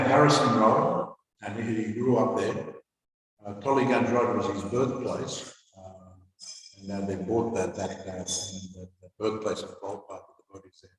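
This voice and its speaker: A man giving a devotional scripture class, reading aloud and then commenting in a halting way, with many fillers and restarts. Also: lowish voice. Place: temple hall. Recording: echoey hall, voice from far off.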